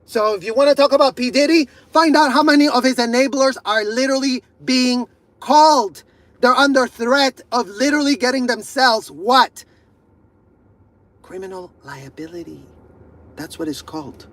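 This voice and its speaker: Furious high-voiced man ranting. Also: moderate pace, dry recording, rough recording. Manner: furious, profane, repeating himself, bursts of shouting. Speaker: video creator. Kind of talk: angry rant to camera.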